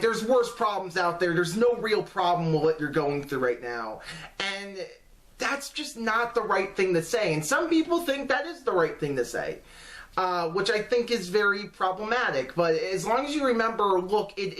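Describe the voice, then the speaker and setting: Earnest, halting man giving advice. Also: high-pitched, a bit bright. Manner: earnest, halting, many restarts and fillers. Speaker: vlogger. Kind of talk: casual advice talk to camera.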